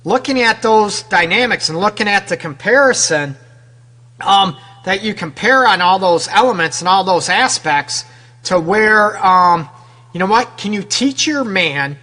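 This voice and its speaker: High, bright-voiced male radio counselor. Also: animated, unhurried. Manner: direct, conversational, keeps addressing women listeners; frequent rhetorical questions and tag "right?". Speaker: relationship counselor and radio host. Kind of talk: radio advice talk.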